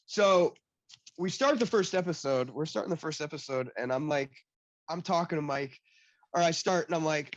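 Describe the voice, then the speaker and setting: A man's voice: on the high side, normal speed. A man with a slightly raised voice tells stories in casual chat and acts out every quoted line. He leans on "like" fillers constantly. The audio is a little dull and lo-fi, with a dry sound and no room echo. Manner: animated storyteller, acts out quoted dialogue; heavy use of "like" fillers. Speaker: guest, blockchain developer.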